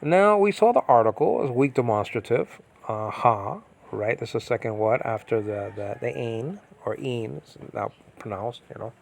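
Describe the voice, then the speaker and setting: A man's voice: medium pitch, normal speed, gravelly, few pauses, slight background noise. A man teaching biblical Greek in an informal, rambling way, with many fillers and restarts, often asking if listeners follow.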